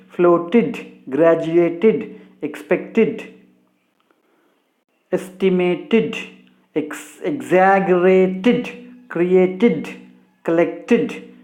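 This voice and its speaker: A man teaching English pronunciation slowly, spelling out sounds one by one and ending phrases with a friendly "my dear friends". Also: mellow. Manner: slow, deliberate, repeats "my dear friends", drops pitch at phrase ends. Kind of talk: slow classroom explanation.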